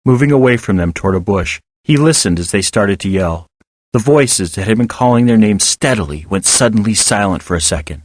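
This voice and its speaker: Guy reading a kids' story aloud, lively up-and-down delivery, dry close mic. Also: lowish voice, a little fast, dry recording. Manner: expressive storytelling. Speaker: narrator. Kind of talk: audiobook reading of serial fiction.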